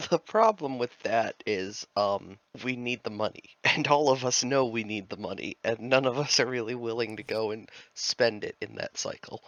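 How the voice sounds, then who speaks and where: Bright-voiced, matter-of-fact male player. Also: medium pitch, moderate pace, hardly any pauses, no echo. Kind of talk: casual tabletop play.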